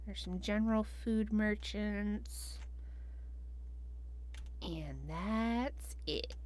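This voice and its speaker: A woman running a tabletop game as game master, describing the scene with relaxed, dry jokes. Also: mid-range voice, very slow.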